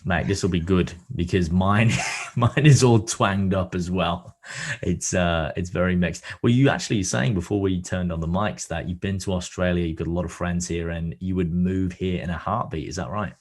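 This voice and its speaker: Low-voiced male podcast host. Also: steady tone, normal speed. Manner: upbeat, chatty host patter. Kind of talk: casual interview chat.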